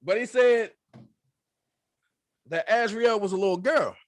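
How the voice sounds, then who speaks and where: A man hosting his own political commentary channel, talking in a loud, profane, animated way and mimicking other voices. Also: sits high, unhurried, dry recording.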